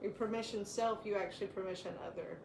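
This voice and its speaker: A woman co-hosting a spiritual talk, reading card meanings aloud in a measured way and laughing often in the chat. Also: medium pitch, steady tone, vocal fry, echoey room, background noise.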